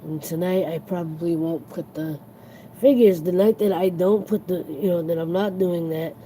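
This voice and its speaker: A tired livestream host chatting casually to viewers, earnest and reflective, rambling and halting with many restarts. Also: mid-range voice, steady tone, warm tone, slight background noise, rough recording.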